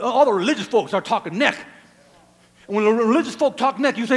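High-voiced pastor preaching in a reverberant hall. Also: male voice, fast, gravelly. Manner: animated preaching, swings from hushed to shouting. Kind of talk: sermon. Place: church sanctuary. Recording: long church hall reverb.

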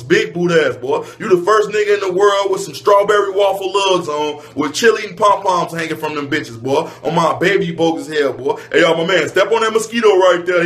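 Guy roasting someone nonstop, kinda high voice, same catchphrases over and over. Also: a bit bright. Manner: rapid-fire mocking insults with repeated catchphrases. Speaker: roast comedian. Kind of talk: comedic roast monologue.

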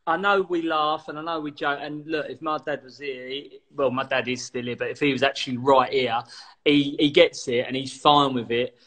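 A man in casual chat, telling lively anecdotes with laughter and swearing. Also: medium pitch, moderate pace. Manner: animated storytelling, laughing, swearing. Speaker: co-host.

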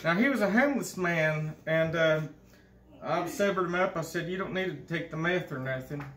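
A man's voice: on the high side, normal speed, a bit bright, a little hiss or hum, close to an everyday voice. A man doing a comedic impression of a crude, boastful older state governor, rambling and swearing. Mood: ranting. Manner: rambling, profane and bragging. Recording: echoey room.

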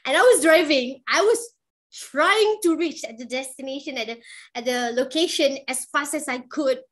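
High-voiced chatty woman. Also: measured pace. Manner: animated, chatty, with frequent "like" and "man". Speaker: guest speaker, freelance journalist. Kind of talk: casual storytelling to an online class.

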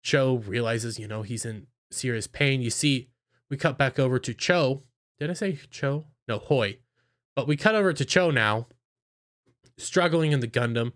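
Casual male anime reviewer, mid-pitched, rambling recap with acted-out character lines. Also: moderate pace, fairly bright tone. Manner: rambling, filler-heavy, acts out characters' lines.

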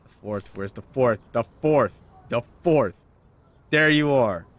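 A man's voice: medium pitch, slow. A man playing a video game and commenting, muttering and swearing in frustration. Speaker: gaming video host. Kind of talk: let's play commentary.

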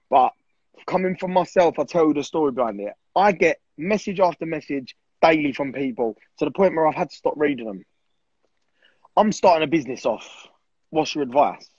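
Blunt, fired-up young man with a husky voice. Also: a little high, a little mellow, dry recording, highs cut off. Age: 20s. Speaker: guest. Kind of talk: casual podcast chat.

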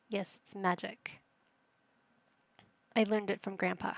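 A woman's voice: mid-range voice, level tone, slow, creaky, pauses often, no echo. A woman hosting a casual let's-play, chatting to the game characters as she plays. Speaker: gaming channel host.

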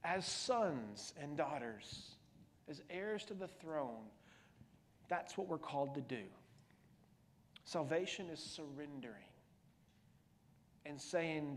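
A middle-aged male pastor preaching a sermon in a church, conversational but rising to loud emphatic peaks and dropping to hushed near-whispers. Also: on the high side, expressive, slow, pauses often. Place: church sanctuary.

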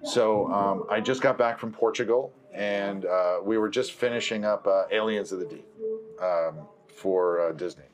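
Speaking unhurriedly in a lowish register, a man who produces films spins out a lengthy, casual anecdote. He keeps revising his own words and voices the quoted lines himself.

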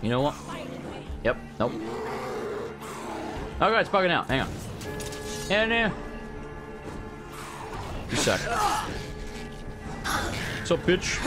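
A man hosting a let's play, casually commenting on his gameplay with jokes, swearing and loud outbursts. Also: on the high side, very animated, takes it slowly, pauses often. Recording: game music in background.

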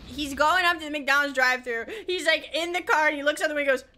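A woman's voice: sits high, fast talker, pushed and bright. A woman gaming streamer chatting casually while she plays, rambling, giggly, easily sidetracked and swearing a lot.

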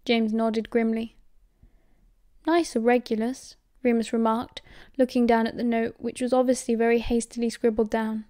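A woman with a British accent narrating an audiobook in a steady, measured way. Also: fairly high pitch, no echo, clean studio sound. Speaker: audiobook reader.

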